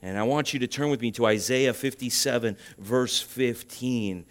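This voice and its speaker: A man preaching a sermon, his voice swelling loud and high at emphatic points and then dropping to a quiet, urging tone. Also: normal speed. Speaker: pastor.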